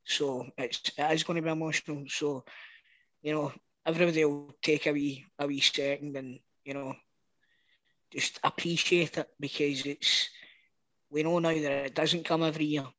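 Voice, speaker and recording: A man's voice: on the high side, level tone, moderate pace, a bit bright, dry recording, rough recording. A young Scottish man co-hosting a casual podcast chat, earnest and fond of asking "you know what I mean". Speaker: podcast co-host. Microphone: podcast microphone.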